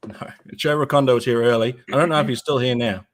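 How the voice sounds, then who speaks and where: A man's voice: medium pitch, quick pace. An Australian man co-hosting a casual livestream chat, telling stories animatedly and laughing at himself. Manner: laughs often, self-deprecating, animated storytelling. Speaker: co-host.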